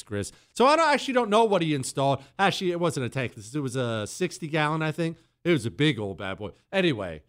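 A man's voice: medium pitch, clean tone, no room sound, clean studio sound. A man hosting a talk show, ranting in a sarcastic, exasperated monologue.

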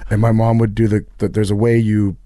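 Mellow-voiced man telling family stories. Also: on the low side, no room sound. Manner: animated anecdotes with quick asides. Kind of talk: casual storytelling interview.

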